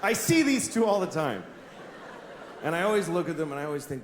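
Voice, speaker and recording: An exasperated middle-aged comedian working through a stand-up routine, his fairly high voice leaping all over the place. He is heard live on a handheld mic in an echoing venue, with steady room noise behind him. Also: fairly quick. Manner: exasperated, acts out voices in wild jumps. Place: comedy stage in a large venue with audience.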